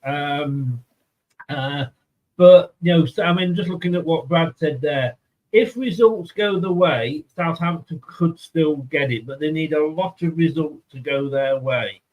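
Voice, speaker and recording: A man's voice: on the high side, measured pace, muffled recording. A man with an Australian accent hosting a casual fan chat, rambling and easygoing. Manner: rambling, easygoing, many fillers. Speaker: host.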